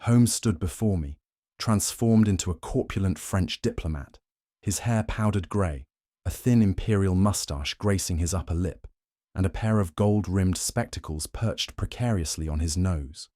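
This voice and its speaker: Storybook narrator, man, formal and measured, deep mellow tone. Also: no room sound, studio quality.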